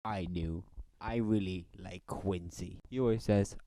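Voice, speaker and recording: A man's voice: low-pitched, fairly even intonation, unhurried, warm tone, dry recording. A young man co-hosting a casual podcast, joking in a mock-sentimental way. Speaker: podcast co-host. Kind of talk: casual chat.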